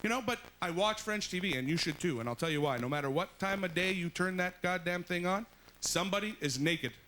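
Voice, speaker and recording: A man doing an animated stand-up comedy set on a club stage, with exaggerated, punchy delivery. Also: high voice, brisk, background noise. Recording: live set with loud audience laughter.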